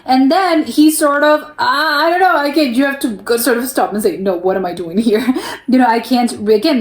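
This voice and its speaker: A young American woman hosting a casual reaction video, chatty, restarting her sentences often and laughing as she talks. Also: medium pitch. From United States. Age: young adult. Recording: roomy echo.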